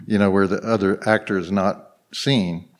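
A low, quiet older actor who talks in a measured but insistent way, as a man imitates him. The voice sits below the man's usual pitch and stays hushed. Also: steady tone, lightly acted.

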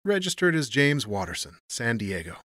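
A man's voice: mid-range voice, very animated, normal speed, a bit bright, dry recording, clean studio sound. A man voicing a lazy, smug young hotel clerk who drawls and mocks. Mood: polite. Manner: drawling, mocking.

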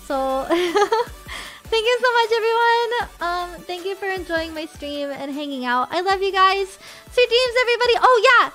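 A young adult woman streamer in casual, bubbly chat, gushing and excitable as she signs off. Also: extremely high pitch, a little slow, faint music behind.

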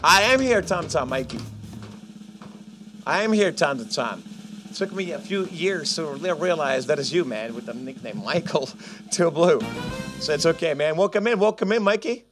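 Over music, a man hosts a live casino game, joking between rounds and chatting playfully with viewers. His voice is slightly high and animated, at a moderate pace.

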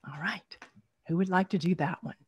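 A woman's voice: fairly low pitch, moderate pace, breathy edge, dull audio. A middle-aged woman, leading an online storytelling workshop over a video call, encouraging and laughing often.

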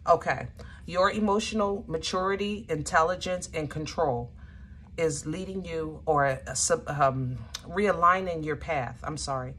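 A woman's voice: low voice, measured pace, fairly bright tone, a little hiss or hum. A woman giving a casual, chatty tarot reading to her viewers, emphatic and often searching aloud for the right word. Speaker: tarot reader.

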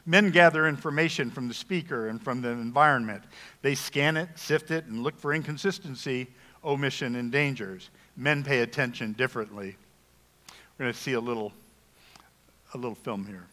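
A jokey male pastor preaches a sermon in a church sanctuary, folksy, humorous and conversational. His medium-pitched voice has a sharp tone and normal speed, and the hall adds long reverb.

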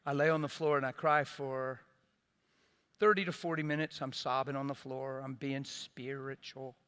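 A middle-aged man preaching a sermon as a pastor, earnest and impassioned, swinging between loud bursts and quiet, soft asides. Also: medium pitch, steady tone, moderate pace, clean tone.

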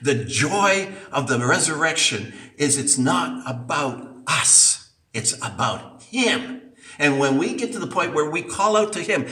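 Male preacher, emphatic sermon, lively pitch, recorded far off in a roomy hall. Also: measured pace. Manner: emphatic, repeating for stress. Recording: echoey church from a distance.

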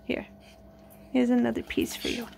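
A woman's voice: normal speed, darkish tone, a little hiss or hum. A woman vlogging at home at night, talking in a sing-song baby voice to her pets and chatting with viewers. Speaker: pet vlogger. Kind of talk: casual chat to pets and viewers.

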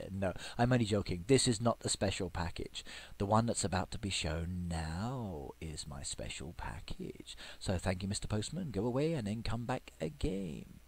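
Man chatting excitedly over a farm game. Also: sits low, normal speed, breathy edge. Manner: chatty, playfully excited, with squeals and sudden whispers. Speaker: game video creator. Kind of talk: gameplay commentary.

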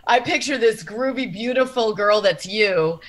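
A woman's voice: on the high side, unhurried. Effusive woman interviewer. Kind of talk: onstage interview conversation.

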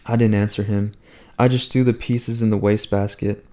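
A man narrating a novel in the first person, his voice pitched low and mellow. He reads in a conversational, wry manner, as if telling the story himself. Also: level tone, normal speed. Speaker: audiobook reader.

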